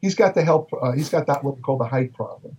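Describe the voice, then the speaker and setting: A man's voice: medium pitch, fast, a little mellow, far from the mic, highs cut off, a little hiss or hum. An older man from Brooklyn, a bodybuilding writer telling anecdotes in a chatty way, with many fillers and restarts. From Brooklyn, New York. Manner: chatty, repeats words, frequent fillers and restarts. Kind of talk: casual anecdotal storytelling.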